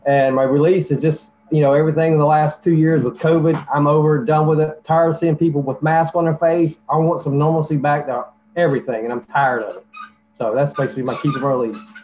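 A man's voice: fairly high pitch, steady tone, fairly quick, darkish tone, low-quality recording. A man calling in to a podcast, talking in a plain, blunt way. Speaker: caller. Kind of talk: casual call-in chat.

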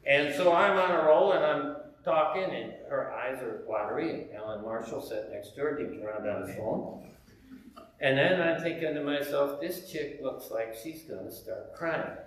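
A man telling a story in a sermon, animated, acting out the dialogue he quotes. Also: mid-range voice, moderate pace. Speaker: preacher. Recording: very echoey room, faint background hum.

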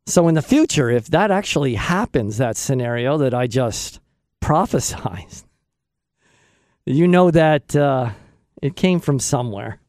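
A man's voice: a little high, no room sound. A man hosting a radio show from a studio, rambling casually and joking at his own expense. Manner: joking, self-mocking, talks to himself. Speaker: radio host. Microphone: studio microphone.

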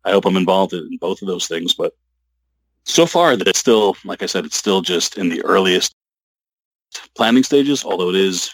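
Deep-voiced guy, halting and restarting a lot, dry close sound. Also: animated, fairly bright tone, no room sound. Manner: rambling, halting, many restarts. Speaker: comic book writer guest. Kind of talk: casual interview talk.

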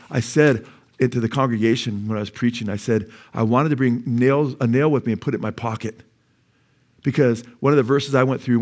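A man preaching a sermon from the pulpit of a church. He tells stories with lively energy, his voice climbing sharply when he gets excited and settling lower when he urges his listeners on. His pitch sits in an ordinary middle range for a man. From United States. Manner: animated storytelling, voice climbing high when excited. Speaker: pastor. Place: church sanctuary.

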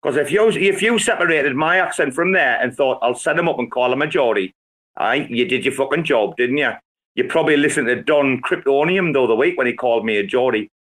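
A man's voice: mid-range voice, animated, a little fast, fairly bright tone. Foul-mouthed teasing British man. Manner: swearing, teasing, theatrical. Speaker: regular on a crypto chat space. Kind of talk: casual banter on an audio call.

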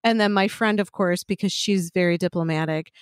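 A woman's voice: fairly low pitch, brisk, clear, resonant tone, dry recording, studio quality. A woman co-hosting a podcast in casual chat, rambling and swearing with frequent laughs. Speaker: podcast co-host.

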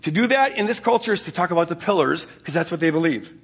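An older man delivers a sermon in a relaxed, storytelling way, often chuckling and restarting his sentences. His voice sits fairly high for a man and has a husky grain. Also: fast. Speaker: pastor.

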